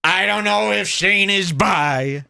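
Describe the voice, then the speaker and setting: A man hosting a crude comedic commentary show, mocking and animated, reading chat aloud. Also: sits high, takes it slowly, vocal fry, clear, resonant tone, dry recording, studio quality. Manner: mocking, animated, puts on silly voices. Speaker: show host.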